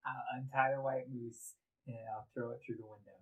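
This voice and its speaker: Male tabletop player, deadpan, offhand, husky voice. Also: mid-range voice, fairly quick, muffled recording. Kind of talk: casual tabletop role-play.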